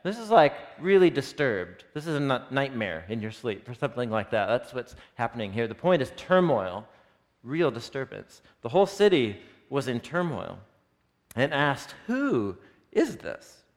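Animated man teaching a Bible class. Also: medium pitch, normal speed. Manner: animated, asks the audience questions. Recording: long reverb of a hall.

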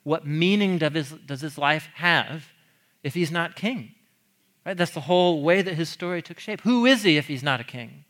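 A man's voice: a little high, expressive, moderate pace, a bit bright. A man teaching a sermon on a psalm in a chatty, questioning way, laughing often and asking the audience questions. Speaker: pastor.

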